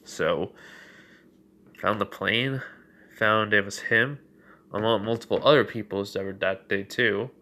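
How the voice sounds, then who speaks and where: A man's voice: lowish voice, a little slow, long pauses, pushed and bright. A young man casually narrating a fan story, rambling with many fillers and self-corrections.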